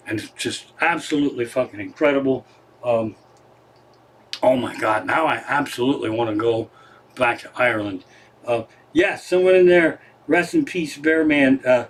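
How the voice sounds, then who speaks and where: A man's voice: mid-range voice, normal speed. A middle-aged man, a comedian, telling a rambling, profane story in a casual live stream from his living room.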